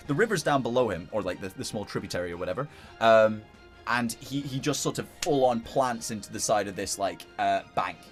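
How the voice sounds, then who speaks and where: Lively, rambling male game master. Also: fairly low pitch, a little fast, soft background music. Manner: loose, chatty narration with fillers and laughs. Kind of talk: narrating a tabletop game.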